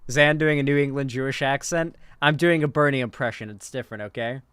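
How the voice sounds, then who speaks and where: A man's voice: mid-range voice, brisk, fairly bright tone, smooth, dry recording. A young man hosting a casual live commentary stream, loose and rambling, swearing casually and tagging his lines with questions.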